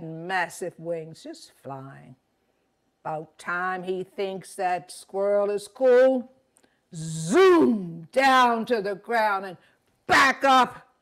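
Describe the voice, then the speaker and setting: A woman storyteller spinning a folk tale in a slow, rhythmic telling. Her fairly high voice swells and drops for dramatic effect as she builds each scene.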